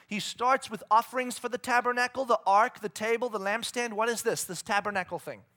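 A pastor preaching a sermon in an animated way, asking the listeners questions and acting out voices in the story. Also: male voice, sits high. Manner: animated, asks the crowd questions; acts out God and the people in quoted voices.

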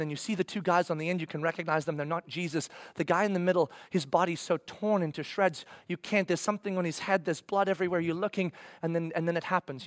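A man preaching with a high-pitched voice, acting out a story's dialogue with dramatic swings. The sound is dry and close, with no room echo. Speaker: pastor. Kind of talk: sermon.

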